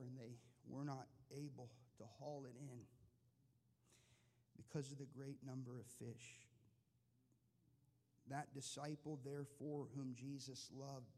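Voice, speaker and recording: A man preaching a sermon with passion, moving from quiet, measured talk to loud, pleading outbursts. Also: medium pitch, steady tone. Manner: impassioned, swings from quiet to shouting. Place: large church hall. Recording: long hall reverb.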